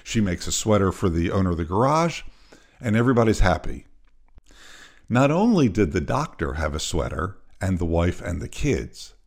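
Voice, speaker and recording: Brief: low-voiced man telling a story on his podcast, expressive, plays all the parts. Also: normal speed, gravelly. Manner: animated storyteller, acts out voices. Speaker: podcast host.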